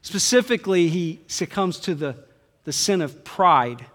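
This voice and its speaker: Man pastor, emphatic sermon delivery that swells to loud peaks, slightly higher voice, long hall reverb. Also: very animated, measured pace. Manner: emphatic preaching, swings between soft low asides and loud high climaxes.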